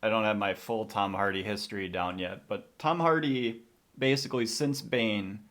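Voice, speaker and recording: A man's voice: on the low side, normal speed, fairly bright tone. A man co-hosting a podcast in casual movie talk, chatty and opinionated, laughing easily. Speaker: podcast co-host.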